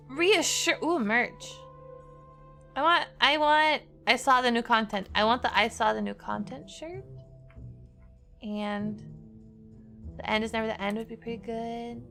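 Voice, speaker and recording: A woman streaming a game, chatting playfully with her viewers and often jumping into squealing highs. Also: slow pace, gravelly, pauses often, fairly bright tone, soft background music. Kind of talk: casual livestream chat.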